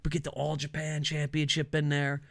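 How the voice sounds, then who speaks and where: A man hosting his own wrestling commentary show, ranting casually with lots of swearing, laughter and excitable asides. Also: on the high side, moderate pace. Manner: profane, excitable, laughs a lot. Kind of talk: casual opinion rant.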